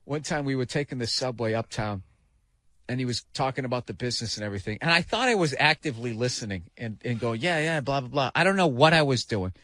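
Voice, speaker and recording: Male talk-radio guest, swearing raconteur with a bright, forceful tone recorded close and dry; bursts into shouted impressions. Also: medium pitch, fast, no room sound. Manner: profane storyteller, animated bursts of shouting impressions. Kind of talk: casual radio talk show chat.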